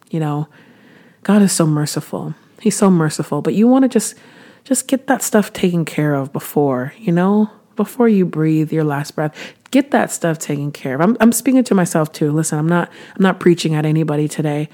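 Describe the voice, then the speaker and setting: A warm, fairly low-pitched woman's voice moves at a moderate pace. She's in her thirties, a Christian vlogger talking casually to camera with devotional encouragement, earnest and chatty, given to restarts and sudden preacher-like bursts.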